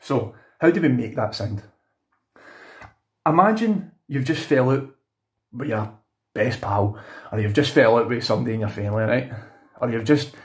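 Young Scottish man, beatbox teacher, loose chatty delivery full of restarts and asides. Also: mid-range voice. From Scotland. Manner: chatty, rambling, frequent self-corrections and "you know what I mean". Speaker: beatbox tutor. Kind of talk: casual video tutorial.

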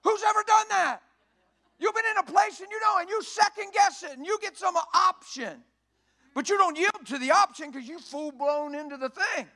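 A man preaching a sermon in a church, folksy and emphatic, often rising to a shout. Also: extremely high pitch, moderate pace.

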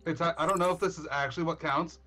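A man's voice: fairly high pitch, fairly even intonation, quick pace, sharp tone. A man casually chatting with friends while gaming, flustered and swearing, laughing at himself. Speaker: streamer playing a team shooter. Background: game music and sounds.

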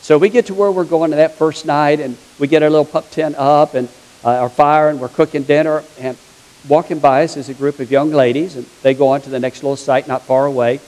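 A man's voice: on the high side, steady tone, fairly quick, darkish tone, low-quality recording. A man preaching a sermon as a pastor, telling stories in a chatty, humorous way. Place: church sanctuary.

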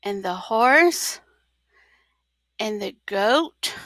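Kobieta czytająca dzieciom bajkę, bardzo powoli. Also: female voice, medium pitch, dry recording. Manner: slow and expressive, with whispered asides. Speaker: teacher reading aloud. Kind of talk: children's storytime reading.

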